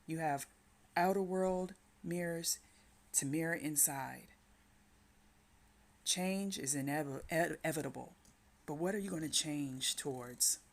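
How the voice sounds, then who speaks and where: A Christian inspirational speaker gives a slow, repetitive devotional talk, urging the listener to breathe and pray. She speaks in a low voice.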